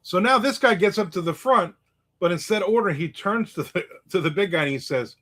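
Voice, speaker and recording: A man tells a long story in a casual monologue. His voice sits a little high for a man, and he gets animated, jumping into louder, higher voices whenever he plays the people in the story. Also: brisk. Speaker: writer telling a story.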